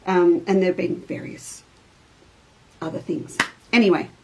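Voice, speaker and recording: A woman's voice: fairly low pitch, fairly even intonation, a little slow, slight background noise, low-quality recording. A middle-aged woman, hosting a casual show-and-tell chat as a fabric designer. She tells a rambling story in an easy, talkative way.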